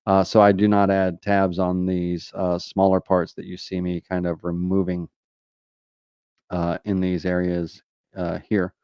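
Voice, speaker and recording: A man with a Southern US drawl answers viewer questions in a relaxed live tutorial, stopping often on "uh" and "you know". His voice sits fairly low and sounds smooth and clear. The recording is dry, with little room sound. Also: measured pace, no room sound, muffled recording. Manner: casual, many fillers like "uh" and "you know".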